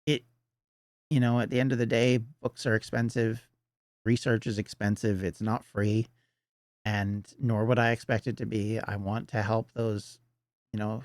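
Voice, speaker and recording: Man, Canadian accent, middle-aged, podcast host, earnest, rambling, lowish pitch, dry. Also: a little mellow, dry recording. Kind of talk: solo podcast monologue.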